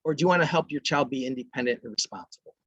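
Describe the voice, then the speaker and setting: A man with a husky, mid-pitched voice presents a parenting workshop in a dry, close recording. He talks to parents in a conversational way. Now and then he acts out brief lines a parent or child might say. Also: very fast, fairly bright tone, no echo, dull audio.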